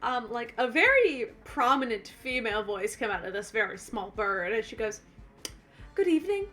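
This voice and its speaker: Bright, bubbly woman game master. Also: fairly high pitch, lively intonation, moderate pace, soft background music. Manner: chatty, laughing, many restarts. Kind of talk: narrating a tabletop game.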